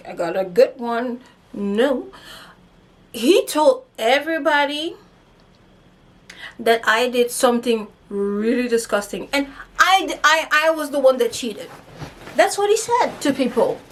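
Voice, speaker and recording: A young woman telling a personal story in casual vlog chat, animated, acting out quotes, swearing and laughing. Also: high voice. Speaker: storyteller vlogger.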